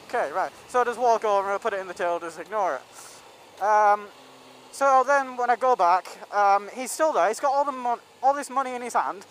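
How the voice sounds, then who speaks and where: A man's voice: high-pitched, a bit bright, a little hiss or hum, low-quality recording. A young man telling a rambling story in a casual vlog, full of ums and restarts. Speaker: vlogger.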